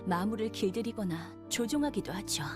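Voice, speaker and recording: A woman voicing a female game character in dubbed game dialogue, speaking in a rapid, brisk way. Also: medium pitch, animated, over music, lightly acted. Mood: calm.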